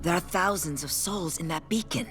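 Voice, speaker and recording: An actress voicing a grave, solemn woman leader in an animated series. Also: on the low side, moderate pace, music in the background, close to an everyday voice.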